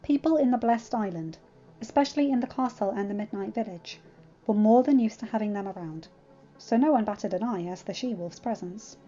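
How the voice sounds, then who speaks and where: A woman narrating a fanfiction story in an expressive, dramatic reading. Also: mid-range voice, brisk. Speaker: fanfiction reader. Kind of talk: scripted narration. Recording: dull lo-fi with faint music.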